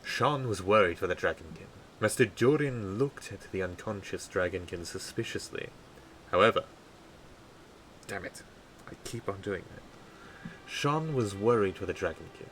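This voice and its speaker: A tired man streaming a game live, reading a story draft aloud in a measured way and stumbling over words. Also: on the low side, animated, fairly bright tone, slight background noise, poor audio.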